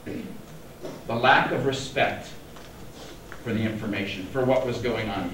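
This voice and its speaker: A man's voice: mid-range voice, slow, pauses often, fairly bright tone. A man in his forties from Colorado telling a story at a conference in a wry, self-deprecating, joking manner. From Denver, Colorado, USA. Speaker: conference speaker. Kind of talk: humorous keynote storytelling. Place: large conference hall. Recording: echoey hall, distant mic, faint noise.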